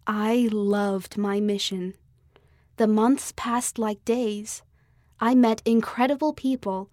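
Female narrator, fairly high voice, heartfelt first-person reading, dry studio sound. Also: darkish tone, no room sound. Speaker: audio magazine reader.

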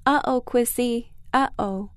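A woman's voice: fairly high pitch, slow, dry recording, studio quality, voice pushed up. A woman voicing a toddler boy, almost three, who can't say his R's, in a storybook reading. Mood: apologetic. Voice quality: can't say his R's, lisping baby talk.

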